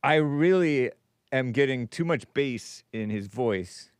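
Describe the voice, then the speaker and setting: A man's voice: medium pitch, lively intonation, slow pace, smooth, dry recording, studio quality. A man hosting a casual call-in show, reading viewer messages aloud and joking with chuckles. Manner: joking, chuckles while talking. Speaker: talk show host.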